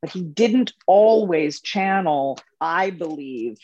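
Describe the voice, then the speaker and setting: Woman tour leader, lively raconteur, lower register, dry studio sound. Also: slow pace, dry recording, muffled recording. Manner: animated, laughs through stories. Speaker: spiritual coach and tour leader. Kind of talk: casual storytelling in an interview.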